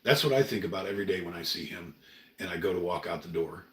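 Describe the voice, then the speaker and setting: A man's voice: low voice, fast talker, fairly bright tone, recorded from a distance. A middle-aged man from Oregon hosting a home livestream, speaking in an earnest, rambling, emotional way. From Oregon, USA. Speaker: livestream host. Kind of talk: casual livestream monologue. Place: room at home. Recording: roomy, a bit off-mic.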